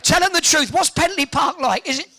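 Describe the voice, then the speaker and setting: An extremely high-pitched, bright and forceful voice with lively intonation belongs to a man from Hertfordshire, England, hosting a live event in an indoor hall. He works the audience with cheeky banter, joking, teasing and quick with quips.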